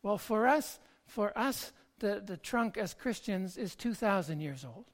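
A pastor delivers an earnest sermon at an unhurried pace. The voice sits at an ordinary middle pitch. The speech comes in halting phrases and often circles back on its words. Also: lively intonation. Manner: slow, halting delivery with frequent word repeats.

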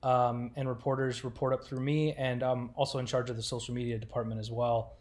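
A man's voice: mid-range voice, flat delivery, fairly quick, a little mellow. A man in his thirties, from Rochester, New York, chats as a guest on a podcast. He talks in a loose, rambling way, full of little fillers, and laughs easily. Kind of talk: casual chat.

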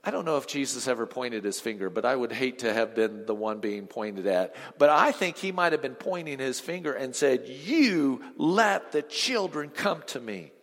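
A male pastor preaching a sermon, swinging from emphatic lines to hushed ones and quizzing the congregation. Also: mid-range voice, lively intonation, brisk, hardly any pauses. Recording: long reverb of a large hall.

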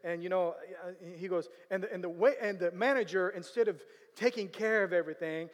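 A man telling a story in sermon style, animated, with sudden loud bursts of emphasis and a habit of asking whether listeners follow him. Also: high-pitched, brisk. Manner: animated, bursts of loud emphasis, repeats "you know what I'm saying". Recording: long hall reverb.

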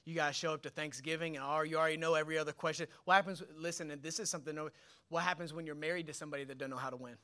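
A young man preaching a sermon as pastor, energetic and colloquial, with slang and rhetorical questions. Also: fairly high pitch, rapid-fire.

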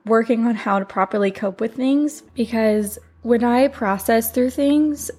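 A young woman hosting her own podcast in casual chat, her voice groggy and raspy from the morning, talking candidly with lots of fillers at home. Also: a little high, unhurried, darkish tone. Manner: chatty, candid, frequent fillers. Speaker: podcast host and life coach. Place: home room with heater and humidifier running.

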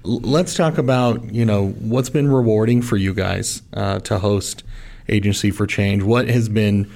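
A man's voice: on the low side, measured pace, gravelly. A man interviewing podcast hosts in a casual, good-humored way, laughing often. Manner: laughing, warm.

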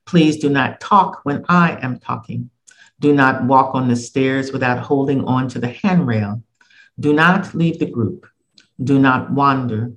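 A man voicing a strict woman museum docent who lists rules in a dry, disciplining tone, slow and deliberate. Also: rumbling low.

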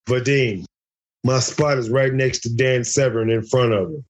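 Husky-voiced man telling wild stories. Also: mid-range voice, fairly even intonation, moderate pace, lo-fi sound. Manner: profane, joking, acts out other voices. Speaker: interview guest, former fighter. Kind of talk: animated storytelling.

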